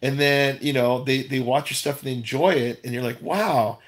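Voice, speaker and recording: A man's voice: medium pitch, little pitch movement, brisk. A Korean man talks casually to viewers on his livestream. He rambles through his points with plenty of fillers and restarts, and laughs at his own jokes. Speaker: YouTuber hosting a livestream. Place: Los Angeles.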